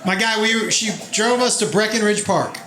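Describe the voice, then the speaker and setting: A middle-aged man spins a profane story on stage in a quick, animated, chatty voice that sits high for a man. The club sounds roomy and echoey. A loud audience keeps laughing behind him. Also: very noisy. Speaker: stand-up comedian. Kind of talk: stand-up storytelling. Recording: echoey live room with loud crowd.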